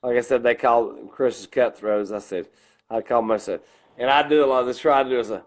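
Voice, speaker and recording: A middle-aged Southern man spins coaching stories on a podcast. He talks loud and salty and drops into a deep growl when he quotes himself. His pitch sits in the middle. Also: fairly quick. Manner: loud, profane storytelling, acting out his own coaching lines in a deep growl. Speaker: co-host. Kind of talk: casual storytelling chat.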